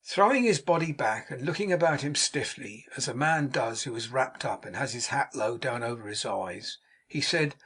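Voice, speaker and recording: Brief: male audiobook narrator, husky, mid-pitched, measured storytelling. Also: expressive, a bit bright. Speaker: audiobook reader.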